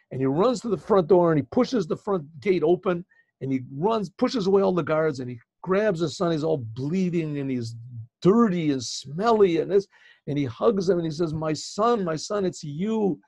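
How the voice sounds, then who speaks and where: A man, a rabbi and teacher, telling a story in an animated way, often restarting and repeating phrases, over a video call. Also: fairly high pitch, moderate pace, no room sound. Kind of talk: storytelling talk.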